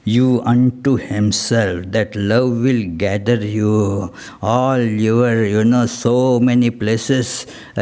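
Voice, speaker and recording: Man giving a slow reflective spiritual talk, lots of uh and you know, reads poetry. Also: lowish voice, darkish tone. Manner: slow, halting, many fillers. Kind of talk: spiritual discourse.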